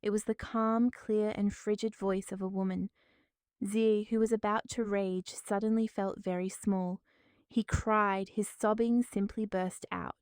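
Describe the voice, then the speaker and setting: A woman narrating a family drama in a steady, dramatic storytelling style. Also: medium pitch, unhurried, clear, resonant tone, no room sound, clean studio sound.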